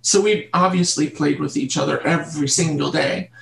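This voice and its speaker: Earnest woman interview guest, gravelly, recorded in an echoey room. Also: sits low. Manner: earnest, halting, repeats words. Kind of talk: personal storytelling in an interview. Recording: roomy echo.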